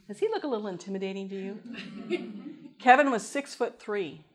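Woman telling a lively faith testimony. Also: mid-range voice, moderate pace. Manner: lively storyteller who acts out voices and laughs. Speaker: former GED lab teacher giving testimony. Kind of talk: spoken testimony to an audience.

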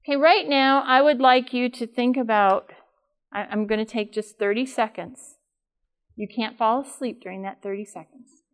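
A woman's voice: fairly high pitch, normal speed. An older woman giving a live talk to an audience in a room, chatty and asking them questions. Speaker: speaker at a workshop.

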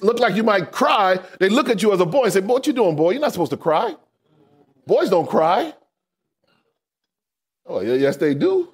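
Man, sermon, high voice, wide swooping pitch, emphatic shouting, rhetorical questions. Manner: animated preaching with call-and-response questions. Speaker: preacher.

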